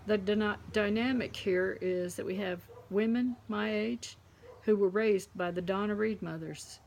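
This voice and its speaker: A middle-aged woman tells a deadpan comic story straight to her camera at home. Her voice has a gravelly rasp, and she drops to a hushed tone whenever a punchline lands. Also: medium pitch, slight background noise. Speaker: comedy contest entrant. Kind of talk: deadpan stand-up monologue to camera. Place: home, indoors.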